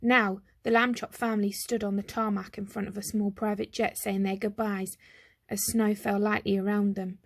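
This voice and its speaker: A woman reading a children's chapter book aloud with a clear, expressive delivery. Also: mid-range voice, normal speed, dry recording. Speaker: storyteller.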